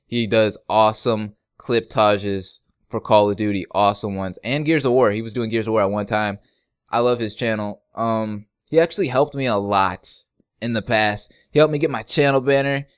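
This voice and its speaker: A young man chats through fan questions in a loose, joking way, laughing often as he goes. His voice sounds smooth and clear, recorded close with a dry, dead sound. He rambles easily from one answer to the next. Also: fairly low pitch, no room sound. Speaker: YouTube gaming channel host. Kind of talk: casual Q&A vlog.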